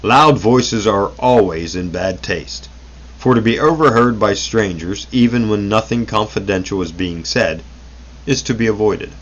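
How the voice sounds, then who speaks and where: A man's voice: lowish voice, unhurried, muffled recording. A man reading an old self-help booklet aloud, unrehearsed, stumbling over words and correcting himself as he goes.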